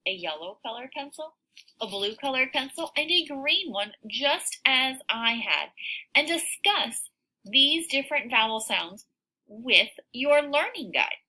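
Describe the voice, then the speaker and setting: A woman teaching a phonics lesson to young children, sounding out words slowly and cheering her listeners on. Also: sits high, rough recording. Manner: slow, sounds out words, animated encouraging teacher voice.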